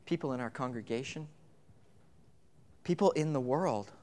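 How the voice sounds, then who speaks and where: A man's voice: medium pitch, animated, moderate pace, darkish tone. A man preaching in a church, talking casually with the congregation and often repeating words as he starts a phrase. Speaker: pastor. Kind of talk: sermon with congregation interaction. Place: church sanctuary.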